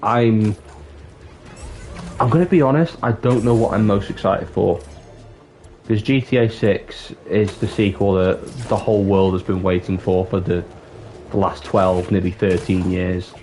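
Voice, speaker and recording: A man's voice: on the low side, fairly even intonation, unhurried, darkish tone, slight background noise. A man chatting candidly on a livestream, rambling and swearing now and then. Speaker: live streamer. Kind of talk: casual livestream chat. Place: dark room with the light off. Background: music.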